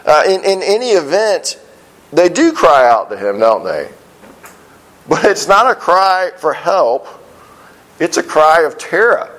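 A man preaching a sermon as pastor, earnest, often restarting phrases and slowing down on key lines. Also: fairly high pitch, sing-song, a bit bright, low-quality recording. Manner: earnest, repeats words when starting phrases, slows on key lines.

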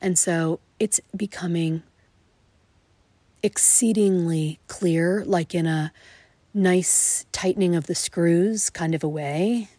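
Taking her time in a fairly low, dark voice with no room sound, a woman in her late forties records a solo podcast in her backyard at night. She muses reflectively, slipping into whispers and laughter now and then.

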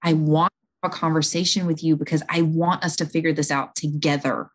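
A woman speaking as an interview guest, calmly explaining and talking through everyday examples. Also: low voice, fairly quick. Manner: calm, explanatory, talks listeners through examples. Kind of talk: conversational advice.

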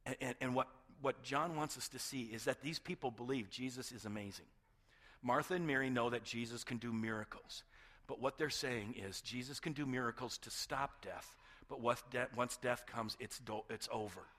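A man's voice: medium pitch, moderate pace, fairly bright tone. A male pastor preaching a sermon with passion, often repeating words and dropping to a near-whisper at emotional points.

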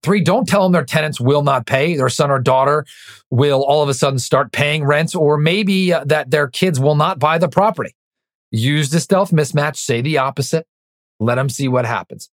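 A man hosting a real estate podcast, coaching listeners directly in an energetic, emphatic way, sometimes dropping to a near-whisper for emphasis. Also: on the high side, normal speed.

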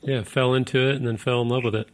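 A man's voice: medium pitch, level tone, quick pace. A man hosting a podcast, asking questions and giving brief responses as he listens. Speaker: podcast host. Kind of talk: casual interview.

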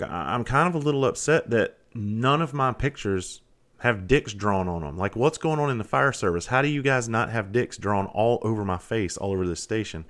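A middle-aged man hosting a podcast, talking candidly and profanely as he tells stories from his firefighting life. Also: fairly low pitch. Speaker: podcast host, former firefighter. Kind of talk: casual podcast monologue.

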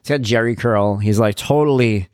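A man's voice: fairly low pitch, moderate pace, a little mellow, smooth, dry recording, studio quality. A man talking casually about TV shows, chatty and wry, drifting from one tangent to the next. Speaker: vlogger and father. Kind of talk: casual rambling chat.

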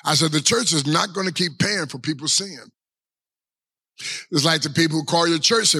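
A male pastor preaching a sermon with a gravelly, husky edge to his voice. His tone is bright and somewhat high for a man. He stretches out his phrases and keeps turning to the congregation with rhetorical questions. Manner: preaching with long drawn-out pauses and repeated rhetorical questions.

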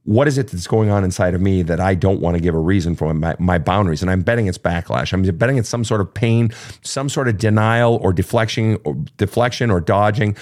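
A man hosting a live advice talk show, answering listener questions in a blunt, profane and emphatic way. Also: lowish voice. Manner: animated, acting out emotional outbursts. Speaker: podcast host.

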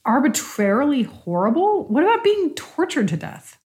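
A woman's voice: sits high, big pitch swings, normal speed, darkish tone. A woman reading a skeptical, probing challenger. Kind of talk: scripted philosophical dialogue.

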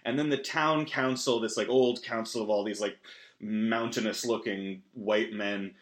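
A man's voice: lowish voice, fairly even intonation, a little slow. Man, casual movie recap, sarcastic asides, rambling, filler words.

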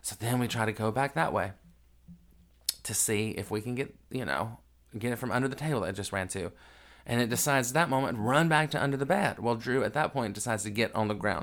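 A man's voice: mid-range voice, fairly quick, fairly bright tone. A man, hosting a podcast and telling a family story in a raw, emotional, unedited way. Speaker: podcast host. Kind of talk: casual storytelling monologue.

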